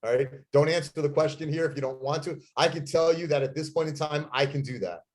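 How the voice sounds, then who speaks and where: Speaking as a guest real estate agent, a man gives a motivational talk on sales scripts that is intense, emphatic and plain-spoken. His voice is fairly high and he talks quickly.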